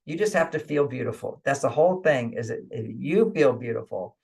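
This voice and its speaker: Brisk and lively in intonation, this man has a medium-pitched, slightly mellow voice with vocal fry. As a guest author on an interview show, he offers relationship advice conversationally, chuckles a lot, repeats points with "okay," and voices inner thoughts in quotes.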